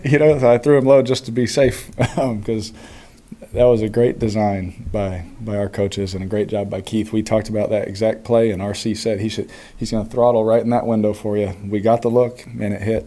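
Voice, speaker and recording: Man, 30s, quarterback at a postgame presser, easygoing, laughs often, mellow low voice. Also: brisk. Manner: relaxed, chuckling, many fillers. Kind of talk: postgame press conference answers.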